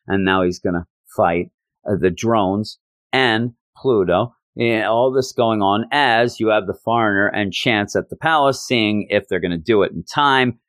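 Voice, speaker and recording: A man hosting a podcast, casually reviewing a comic book and retelling its scenes with quick quoted lines. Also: fairly low pitch, no echo. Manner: animated retelling, quoting characters in quick bursts. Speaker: podcast host.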